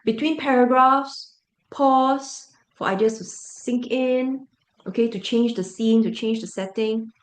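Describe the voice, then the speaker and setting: A woman's voice: fairly high pitch, fairly even intonation, unhurried. Emphatic woman teacher, echoey room. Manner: emphatic, asks frequent rhetorical checks. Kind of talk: parent briefing talk.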